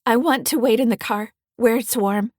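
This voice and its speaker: A woman's voice: normal speed, no echo, clean studio sound, lightly acted. Woman doing a panicked teenage girl. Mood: shaken. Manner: pleading, high and loud. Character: frightened teenage girl, desperate and defiant.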